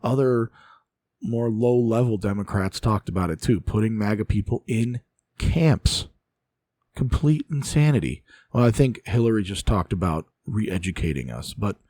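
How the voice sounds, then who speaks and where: Exasperated man, low dry voice. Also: darkish tone, husky, dry recording. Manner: exasperated, ranting, sighs often. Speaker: political commentary host. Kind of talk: casual solo commentary.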